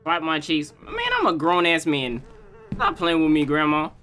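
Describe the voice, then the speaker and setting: A young man hosting a gaming channel, joking and trash-talking his way through a horror game, swinging from low mutters to loud yelps. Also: steady tone, moderate pace. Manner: joking trash talk at the game's granny. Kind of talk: horror game let's play commentary.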